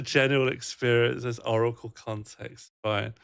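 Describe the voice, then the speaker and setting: A man's voice: medium pitch, moderate pace, gravelly, fairly bright tone. A young man chatting on a livestream, reading out chat messages and laughing often in a rambling, playful way. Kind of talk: casual live-stream chat.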